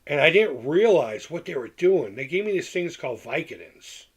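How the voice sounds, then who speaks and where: A man's voice: a little high, big pitch swings, moderate pace, husky. A middle-aged man hosting a casual livestream, reading chat and rambling candidly, often repeating himself and restarting his sentences.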